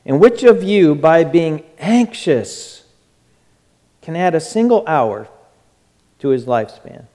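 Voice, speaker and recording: A man's voice: fairly high pitch, big pitch swings, slow, long pauses. Fervent male preacher in a reverberant hall. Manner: fervent, swings from loud urging to soft hush. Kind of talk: sermon.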